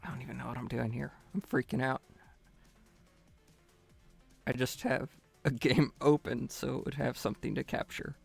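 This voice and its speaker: A man's voice: medium pitch, fairly even intonation, fairly quick, creaky, breathy edge, soft background music. A young man live-streaming a game, chatting casually in a nervous, rambling, self-mocking way.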